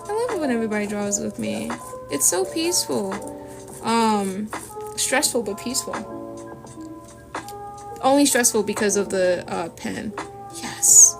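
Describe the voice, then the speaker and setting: A woman's voice: mid-range voice, expressive, measured pace, gravelly, pauses often. A woman chatting casually and rambling to viewers while she draws, sniffly from a runny nose. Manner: chatty, rambling, self-deprecating asides. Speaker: art streamer. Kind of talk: casual chat while drawing. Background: lofi music.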